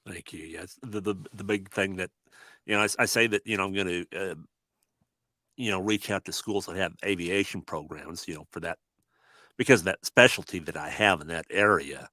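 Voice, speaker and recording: An older man with a very deep voice that still cuts through bright and forceful. He explains things in a measured, plain way, and the recording is dry and close. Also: no room sound. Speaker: podcast host, pilot. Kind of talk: casual conversation.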